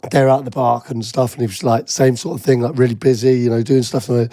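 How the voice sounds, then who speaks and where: A man co-hosting a podcast in casual chat, a bit husky today, full of teasing banter. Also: medium pitch, steady tone, fast talker, mellow, dry recording, clean studio sound. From England. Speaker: podcast co-host.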